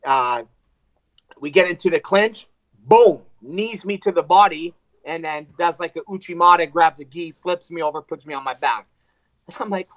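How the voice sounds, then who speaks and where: A man, a fighter, telling a fight story in casual chat, animated and profane, acting out what people said. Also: a little high, normal speed, no echo, dull audio. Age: adult with wife and two kids. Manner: animated, profane, acts out quotes.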